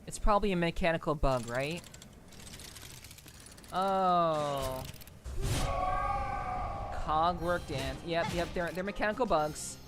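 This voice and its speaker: A woman streamer chatting casually while she plays a game, congested and stuffy-nosed, greeting viewers warmly with lots of fillers and doubled words. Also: on the low side, slow, long pauses. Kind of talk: casual live-stream chat while gaming.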